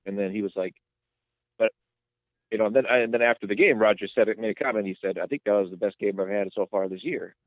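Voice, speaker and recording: A man co-hosting a sports podcast, retelling plays in a rambling, excitable way. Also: lowish voice, fast talker, dry recording. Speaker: podcast co-host. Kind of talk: casual sports chat. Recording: tinny phone-like line, dry.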